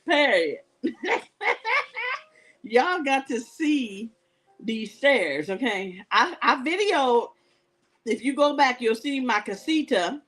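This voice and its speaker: High, lively woman selling jewelry live. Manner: laughing, chatty, storytelling. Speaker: live shopping show host. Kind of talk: live jewelry sales chat.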